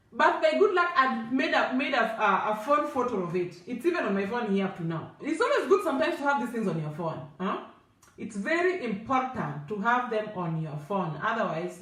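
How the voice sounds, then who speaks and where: A woman telling a travel story to camera in a lively, laughing, casual way. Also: on the high side, distant mic. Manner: animated, laughing, code-switching. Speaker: vlogger. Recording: echoey room, off-mic.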